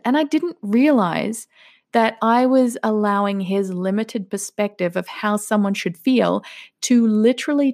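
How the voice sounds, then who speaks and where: Australian woman, gravelly podcast storyteller. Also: medium pitch, darkish tone, dry recording, studio quality. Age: 30s. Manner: chatty, laughs often, acts out quoted voices. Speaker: podcast host. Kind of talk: casual solo podcast storytelling.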